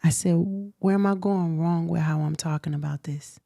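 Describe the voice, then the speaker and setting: A woman in her thirties from the United States, candidly telling a personal story in a relaxed chat, quiet and reflective. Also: low-pitched, moderate pace, gravelly. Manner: animated retelling with acted quotes, then quiet and reflective. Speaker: guest.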